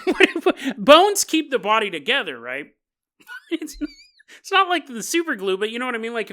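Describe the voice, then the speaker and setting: His voice is high, bright and forceful as this man rambles casually through a story on his solo podcast. It's a jokey monologue, and he keeps laughing partway through his sentences.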